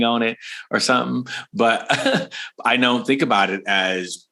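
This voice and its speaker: Chatty, bright-voiced podcast host man. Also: mid-range voice, measured pace, creaky. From Florida, USA. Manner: animated, chatty, laughs often. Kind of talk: podcast interview.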